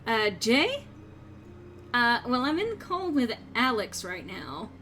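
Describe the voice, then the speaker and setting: A woman's voice: on the high side, wildly swooping pitch, takes it slowly, pushed and bright, slight background noise. A woman streamer chatting playfully and casually with a friend during a game stream.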